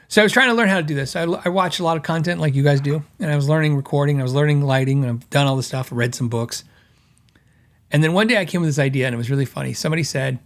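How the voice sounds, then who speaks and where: Animated man hosting a guitar podcast. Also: on the high side, very fast. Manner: animated storytelling, mocking quoted critics in a raised voice. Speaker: host. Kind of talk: casual podcast monologue.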